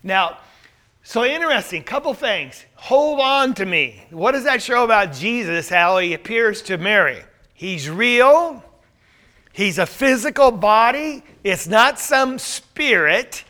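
A man leads a Bible study, his voice pitched high with a bright, forward edge. He talks the class through it in a conversational way and keeps checking in with rhetorical questions. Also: lively intonation, slow pace.

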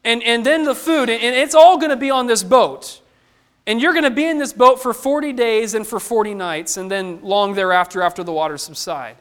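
A man's voice: extremely high pitch, fairly quick, a bit bright, clear, resonant tone. A man preaching a sermon, who asks the listeners questions and acts out the lines of the people he quotes.

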